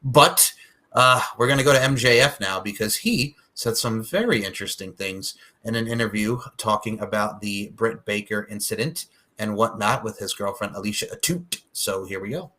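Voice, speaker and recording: A man hosting a wrestling podcast in casual chat, animated and profane, recalling things like a longtime fan. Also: on the low side, moderate pace. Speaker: podcast host.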